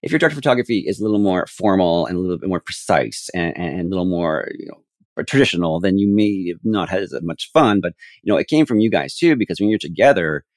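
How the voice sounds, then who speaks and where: A man's voice: deep voice, lively intonation, fast, no room sound, studio quality. A man guest on a podcast, telling rambling set stories with many restarts. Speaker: camera operator guest. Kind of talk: casual podcast chat.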